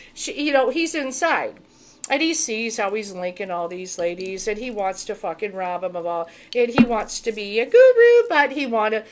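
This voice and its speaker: Blunt, profane woman spiritual reader. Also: medium pitch. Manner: blunt, profane, emphatic and animated. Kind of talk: casual monologue to camera.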